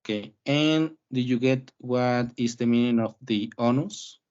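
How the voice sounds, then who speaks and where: A man's voice: medium pitch, a little slow, a little mellow, smooth. Guy teaching english online, patient n encouraging, kinda dull audio. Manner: encouraging, explains step by step. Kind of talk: online class questioning.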